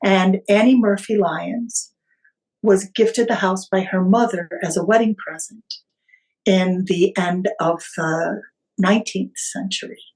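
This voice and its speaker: A woman talking as a podcast guest, spinning an old family story with lively storyteller energy. She stumbles and restarts now and then, and her voice sits at a middle pitch. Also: measured pace, poor audio. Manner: animated storyteller with small hesitations and restarts.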